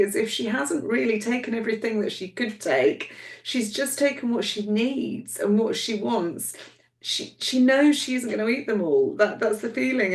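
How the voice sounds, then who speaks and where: A woman's voice: on the high side, a little mellow, distant mic. A woman hosting a mediumship demonstration, relaying messages in an affectionate, searching way and calling people darling. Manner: repetitive, searching phrasing. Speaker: host and medium. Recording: roomy sound from off-mic.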